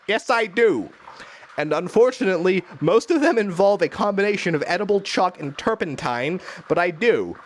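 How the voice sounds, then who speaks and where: A man streaming live from his home kitchen, rambling and joking at his own expense while he cooks and talks to chat. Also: high-pitched.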